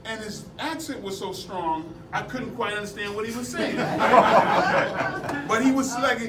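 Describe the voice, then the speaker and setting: A man with a notably high voice tells animated stories to a class, laughing often as he goes. He sounds distant from the mic in an echoey room. Steady background noise runs under him. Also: measured pace. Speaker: martial arts seminar instructor. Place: indoor seminar room at a convention.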